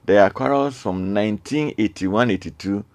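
A man's voice: lowish voice, moderate pace, no room sound. A man hosting a radio call-in show, earnestly reading out listener messages and repeating his requests. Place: radio studio.

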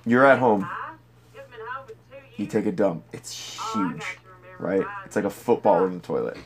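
A man's voice: deep voice, vocal fry, crowd noise. Joking man on a podcast. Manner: crude, joking, quick questions. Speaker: podcast co-host. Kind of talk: casual chat.

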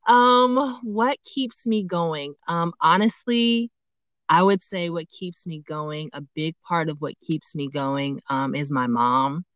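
A low-pitched woman hosts a conversational podcast, thinking aloud as she talks, often pausing on an "um" before she finds the words. Her voice sits close and dry on the mic, with no room sound. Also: no echo. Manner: reflective, searching for words with frequent ums. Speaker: podcast host. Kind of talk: conversational interview.

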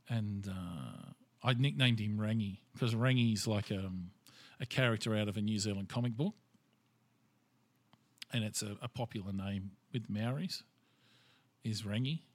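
Australian man, low voice, casual rambling chat, filler words, dry recording. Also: no room sound. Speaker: conversation partner.

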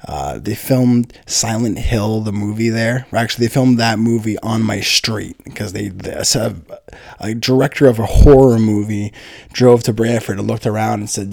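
A man's voice: lowish voice, a little slow, creaky, darkish tone. A man, telling a rambling, profane comedic story full of fillers and restarts. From Niagara, Ontario, Canada. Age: 30s.

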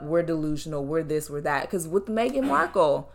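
A woman's voice: low voice, lively intonation, moderate pace. A young woman co-hosting a podcast, talking bluntly and with heavy swearing in a heated, emotional casual chat. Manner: blunt, profane, impassioned. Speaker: podcast co-host.

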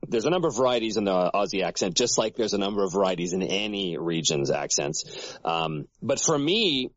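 A middle-aged Canadian-born man with a low voice and a neutral American accent tells stories in easy podcast chat, laughing now and then. The sound is dry and close, slightly muffled. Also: dry recording. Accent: General American. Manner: relaxed storyteller, laughs often. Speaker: voice actor.

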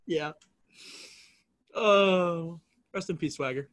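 A man's voice: a little high, slow, fairly bright tone. A man in his twenties co-hosting a podcast at home, teasing his friends, laughing often and swearing freely in casual banter. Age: 20s. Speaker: podcast co-host. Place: home room.

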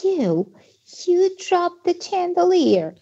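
Super squeaky little house-elf, slow and earnest, dry sound. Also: male voice, very animated, mellow, no room sound, lo-fi sound, full character voice. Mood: defiant. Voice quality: squeaky, very high-pitched. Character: tiny squeaky male house-elf, loyal and brave. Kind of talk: reading a novel aloud with voices.

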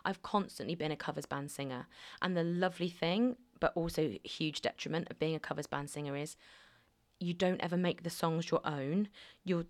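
Woman from Alderney, slightly low voice, chatty singer telling stories. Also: moderate pace. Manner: chatty, animated storyteller who slips into impressions. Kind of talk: casual chat.

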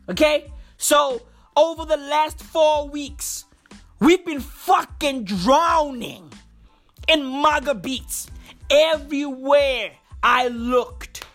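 A woman's voice: sits high, fairly bright tone. A woman ranting through music commentary, profane and repetitive, calling everyone bro.

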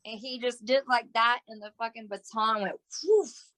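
A woman with a bright, fairly high voice joins a casual conversation, laughing easily and adding to the story. The sound is close and dry, with no room around it. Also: fairly even intonation, normal speed, no room sound. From Southern US. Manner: giggly, chiming in with laughter. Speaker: touring band musician, guest. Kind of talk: casual chat.

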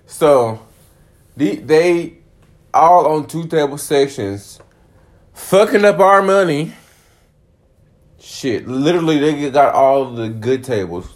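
A man's voice: on the high side, expressive, takes it slowly, long pauses. A young adult man co-hosting a casual chat, talking in slang and swearing often. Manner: slangy and profane. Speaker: co-host.

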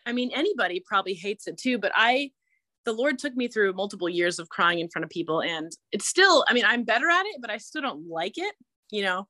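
A woman's voice: medium pitch, expressive, sharp tone, no echo. A young woman co-hosting a casual faith podcast, talking reflectively with frequent halts and restarts. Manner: reflective, halting, many restarts. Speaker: podcast co-host.

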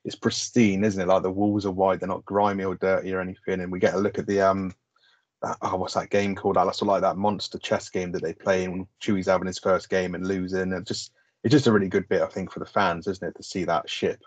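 A man's voice: sits low, flat delivery, brisk, no room sound. A man co-hosting a film podcast, chatting casually, rambling and sweary with lots of "like". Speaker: podcast co-host. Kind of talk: casual film review chat.

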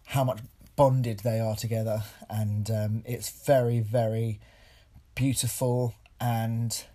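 A man hosting a film podcast, speaking earnestly and haltingly with many pauses, audibly moved. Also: medium pitch, mellow. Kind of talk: casual film review podcast.

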